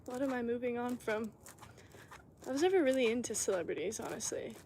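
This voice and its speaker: A woman's voice: fairly high pitch, animated, fairly quick, background noise. Chatty young woman livestreaming pottery. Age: 20s. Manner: chatty, thanks viewers for gifts as she works. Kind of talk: casual livestream chat.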